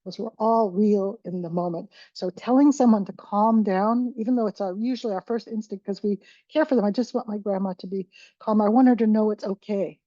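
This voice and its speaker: A woman's voice: mid-range voice, brisk, mellow, no room sound, lo-fi sound. A woman giving a conversational presentation to caregivers on dementia care, often restarting her sentences and acting out examples.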